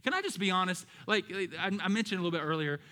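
A man's voice: high-pitched, animated, fast talker, pushed and bright, in a large hall. A man preaching a sermon as pastor, emphatic and calling out to his congregation. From American South.

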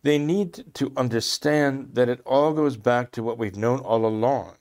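Emphatic man clearing his throat. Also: mid-range voice, a little slow, a little mellow. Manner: impassioned, emphatic, repeats phrases for stress. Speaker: commentator. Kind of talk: religious commentary discussion.

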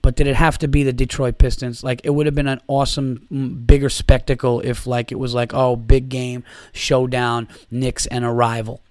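A man's voice: medium pitch, flat delivery, normal speed, hardly any pauses, no room sound. A man hosting a podcast, ranting about sports in a sarcastic, profane way. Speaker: podcast host. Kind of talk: casual sports rant.

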